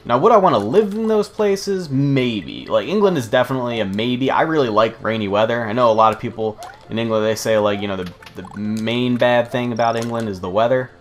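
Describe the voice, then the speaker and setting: A man's voice: mid-range voice, fairly quick, few pauses. A young man rambling and swearing freely while commenting on his gameplay. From United States. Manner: rambling, profane, chatty. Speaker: let's play host.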